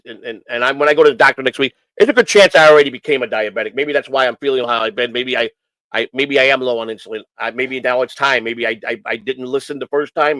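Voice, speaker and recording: Casting note Male stream host, mid-pitched, dry close sound, rambling and heartfelt, stumbles and repeats himself. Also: pushed and bright, no room sound, rough recording. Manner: rambling, repeats phrases, many restarts; earnest and emotional. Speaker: host of a morning stream show. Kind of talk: casual rambling talk.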